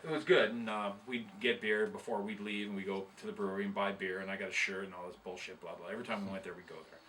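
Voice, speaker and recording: A man's voice: lowish voice, level tone, quick pace, fairly bright tone, far from the mic, a little hiss or hum. A man telling a long, rambling, profane tour story in casual chat, laughing at himself as he goes. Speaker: guest musician telling tour stories.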